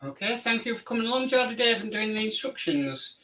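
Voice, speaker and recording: A man's voice: high-pitched, expressive, a little fast, pushed and bright, recorded from a distance, poor audio. A man hosting a casual model-building live stream, rambling and friendly with many fillers. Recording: voice somewhat off-mic.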